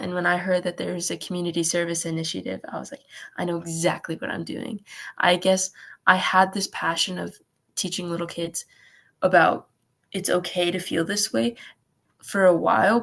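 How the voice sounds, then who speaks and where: A woman's voice: fairly low pitch, creaky. A teenage girl talking earnestly in an interview, with many "like" fillers. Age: teens. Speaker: guest. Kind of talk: casual interview talk.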